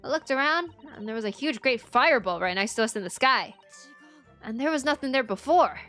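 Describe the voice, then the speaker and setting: A woman's voice: fairly high pitch, animated, a little fast, a bit bright, soft background music. A woman voicing a brash, cheeky young girl who works as a police inspector, with a put-on Cockney accent and blunt, slangy talk. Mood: excited.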